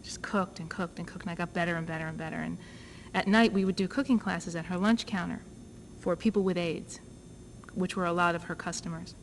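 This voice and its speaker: A woman speaks to a conference crowd in a fairly low voice, telling her own story in a lively way. She acts out both sides of each exchange as she goes. A faint hiss sits under her words. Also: fairly quick, poor audio. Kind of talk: personal story told to an audience. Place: conference talk.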